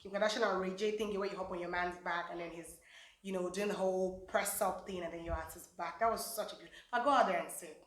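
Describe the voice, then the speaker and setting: A woman's voice: fairly low pitch, fairly even intonation, fast, reverberant. A woman, gossiping casually about reality show contestants, with lots of fillers. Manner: chatty, gossipy, many fillers. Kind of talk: casual chat.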